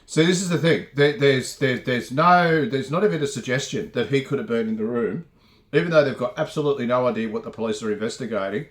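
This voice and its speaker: A man's voice: medium pitch, fast talker. A man, mocking and ranting over news clips in casual commentary. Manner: scornful, mocking, repetitive restarts.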